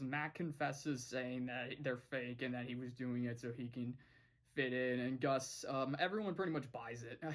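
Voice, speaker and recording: A man casually recapping a cartoon episode in a rambling way, chuckling often and restarting his sentences. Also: medium pitch. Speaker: show reviewer.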